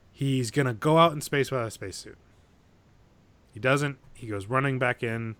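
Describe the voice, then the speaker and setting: An animated man chatting casually on a podcast, swearing freely and acting out quoted lines as he goes. His voice sits at an ordinary middle pitch. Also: moderate pace, dry recording. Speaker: podcast co-host. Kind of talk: casual chat, retelling a movie.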